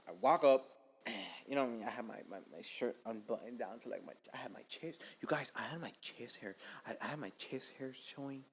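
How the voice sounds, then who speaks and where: Animated profane man telling a story. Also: medium pitch, a little fast, slightly rough, in a large hall. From Miami. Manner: profane, animated, swings between loud bursts and hushed asides. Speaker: podcast host. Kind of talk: casual storytelling monologue.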